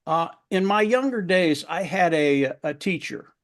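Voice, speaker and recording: A man with a voice a touch higher than most men's tells a motivational story at a round table. He is earnest and often doubles words for emphasis. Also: animated, a little slow.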